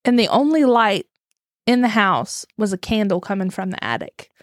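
A woman's voice: mid-range voice, animated, normal speed, dry recording, clean studio sound. A woman with a West Virginian accent, chatting as a podcast co-host and telling a true-crime story, laughing often as she talks.

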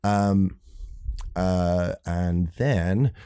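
A man, a musician guest in a casual chat, rambling and halting as he tells stories. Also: deep voice, dark tone, clear, resonant tone.

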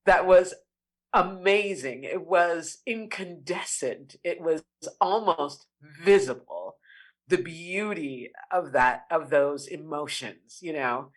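Heartfelt woman telling her story. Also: low voice. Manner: heartfelt, expressive, slows down to savor words. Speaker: interview guest. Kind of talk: emotional personal storytelling.

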